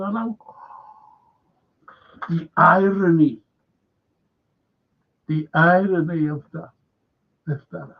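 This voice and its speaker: Husky liverpool guy hosting a live chat, reading comments out slow, kinda dull lo-fi sound. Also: a little high, fairly even intonation. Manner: chatty, reading out viewer comments. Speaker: fan channel host. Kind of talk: casual live-stream chat.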